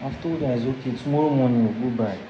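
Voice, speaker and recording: A man speaking, loud and teasing in casual chatter while filming. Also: medium pitch, fast. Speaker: friend filming. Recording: echoey, muffled phone video with loud noise.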